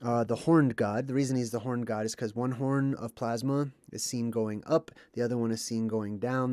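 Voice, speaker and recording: Male livestream host, mid-pitched, rambling and chatty with lots of ums, dry close sound. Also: a little mellow, no room sound. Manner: rambling and conversational, with frequent ums and asides. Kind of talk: casual livestream talk.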